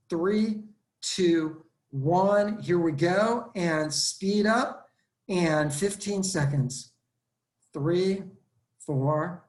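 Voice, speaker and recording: A male fitness instructor leading a live online workout class, counting reps aloud and giving step-by-step cues over a video call. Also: fairly high pitch. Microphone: video call computer mic. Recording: roomy echo.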